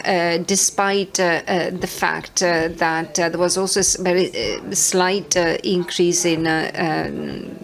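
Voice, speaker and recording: A woman interpreting a conference talk, halting and hesitant, with many filler sounds between words. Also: fairly low pitch, creaky.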